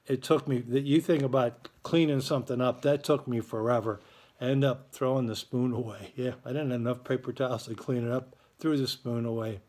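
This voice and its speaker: A man's voice: mid-range voice, a little mellow. A man hosting a school morning show, giving casual announcements in a chatty, joking way. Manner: chatty, playful, joking with listeners.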